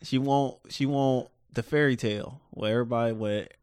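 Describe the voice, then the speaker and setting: A man's voice: moderate pace, smooth, dry recording, clean studio sound. A man co-hosting a podcast in casual banter, teasing and jumping into mock voices. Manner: teasing, lively, jumps into high-pitched mock voices. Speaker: podcast co-host.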